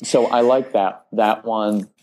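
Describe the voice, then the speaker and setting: A man, a parenting expert guest on a podcast, talking casually and acting out calm phrases for parents to use. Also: lowish voice, takes it slowly. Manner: animated, acts out parent phrases.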